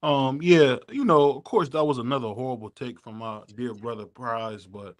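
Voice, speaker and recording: Chill guy hosting a boxing podcast, easygoing, middle-pitched voice. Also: moderate pace. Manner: laid-back, loose shout-outs. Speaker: podcast host. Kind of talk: casual podcast chat.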